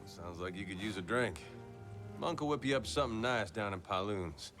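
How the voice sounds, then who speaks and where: A man's voice: on the low side, animated, normal speed, close to an everyday voice. An actor playing a weary, grumbling male frontier local in a game, with an American Southern accent. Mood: gruff. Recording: game audio with music behind.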